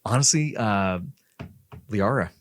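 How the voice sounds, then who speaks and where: Male podcast co-host, casual gaming chat, quick jokey asides, lively up-and-down pitch. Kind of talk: casual chat about video games.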